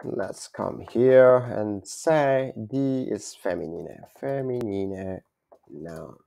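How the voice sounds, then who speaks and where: Low slow guy w/ a gravelly voice, keeps repeating words n fixing himself. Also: mellow. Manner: halting, repeats words, self-correcting. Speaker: language learner teaching German basics. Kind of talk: informal self-taught lesson.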